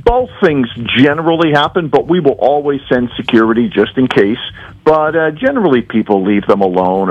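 A man's voice: lowish voice, slightly rough, dull audio. Man talking with many restarts and fillers. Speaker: casino entertainment representative. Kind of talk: radio interview.

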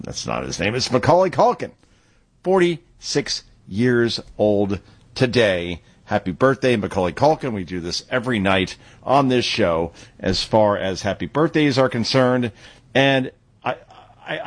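A man's voice: mid-range voice, big pitch swings, a little slow, dry recording. A middle-aged man hosting a radio talk show in a chatty, conversational way with plenty of asides.

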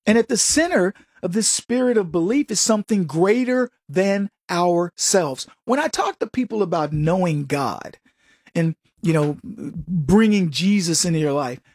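A middle-aged man delivers a pointed political monologue with a slightly husky edge to his voice. His pitch swings up and down freely as he mocks and preaches, and the sound is close and dry, with no room around it. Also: darkish tone, no room sound. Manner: sarcastic, preachy, addresses listeners as folks. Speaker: political commentary host. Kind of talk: opinionated monologue.

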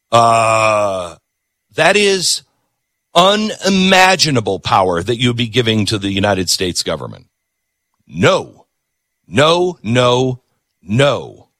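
A man's voice: mid-range voice, bright, forceful tone, no room sound. A middle-aged man hosting a talk show, giving emphatic, repetitive political commentary.

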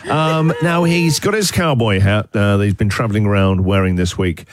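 A man's voice: fairly low pitch, moderate pace, dry recording. A man with an Australian accent hosting breakfast radio in a studio, joking and teasing his guests. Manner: jokey, teasing, laughs often. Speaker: radio host.

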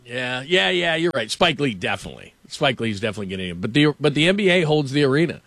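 A middle-aged man hosting a sports radio show, chatting loosely and telling stories with lots of fillers and quick laughs. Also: medium pitch, sing-song, gravelly, fairly bright tone. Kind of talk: casual morning radio chat and storytelling. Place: radio studio. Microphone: studio microphone.

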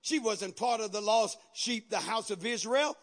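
A male pastor preaching a sermon with fiery energy, shouting at the peaks and dropping in repeated amens. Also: high-pitched, normal speed.

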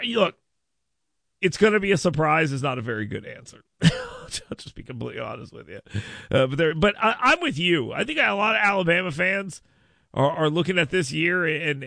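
A man's voice: on the high side, creaky, bright, forceful tone, no room sound. A man hosting a radio call-in show in a studio. He chats casually, rambles, repeats words and laughs often. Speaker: radio talk show host. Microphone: studio mic.

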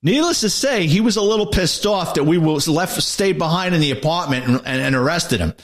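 An older man, a retired detective telling a police story on a radio show in a lively storytelling manner. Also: fairly high pitch, brisk, hardly any pauses. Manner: lively storyteller, acts out voices in quotes. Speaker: retired detective turned author, radio guest.

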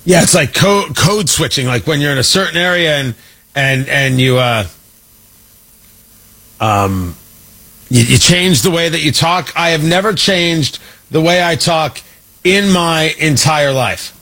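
A man's voice: on the high side, animated, measured pace, bright, forceful tone. A man hosting a talk show, giving sarcastic, mocking commentary that rambles with restarts.

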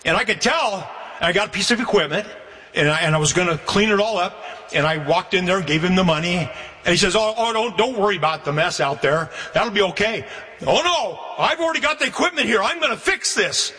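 A man preaching a testimony sermon to a church, repeating words and rising in pitch when he preaches. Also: brisk, pushed and bright, echoey room, big-room sound.

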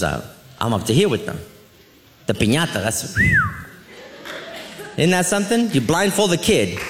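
A man doing a stand-up comedy routine, animated and laughing as he acts out his family members. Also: high-pitched. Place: comedy club stage. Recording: live club with audience laughter and crowd noise.

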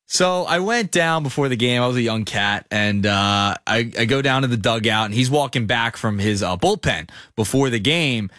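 A man's voice: mid-range voice, lively intonation, moderate pace, hardly any pauses, a bit bright, dry recording, studio quality. A man co-hosting a sports radio show, chatting casually and a little out of breath.

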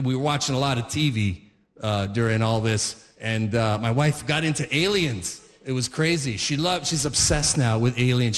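A man's voice: mid-range voice, in a large hall. A man in his forties doing stand-up comedy, rambling and restarting his sentences as he chuckles through stories. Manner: rambling, self-interrupting, chuckling.

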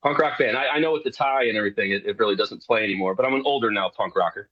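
A man's voice: fairly low pitch, racing, slightly rough, no echo, muffled recording. A man from New York talking casually as a guest on a radio show, rambling with lots of fillers and restarts.

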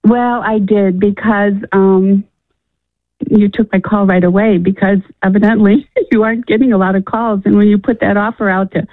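A woman's voice: mid-range voice, fairly even intonation, normal speed, no room sound. A woman from Illinois calling in to a radio show, talking hesitantly with many restarts and laughs. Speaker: caller. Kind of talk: phone-in conversation. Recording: phone-line call.

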